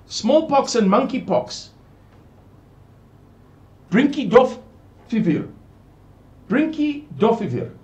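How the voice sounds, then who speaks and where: A man's voice: on the high side, darkish tone. A man giving an earnest, pleading, rambling monologue to his viewers. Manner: pleading, repetitive, digressive. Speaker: channel presenter.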